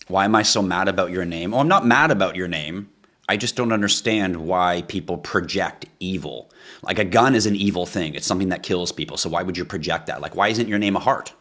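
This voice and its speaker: Man, low voice, blunt ranting livestream host reading chat. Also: fairly quick, fairly bright tone. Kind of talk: live crypto stream chat.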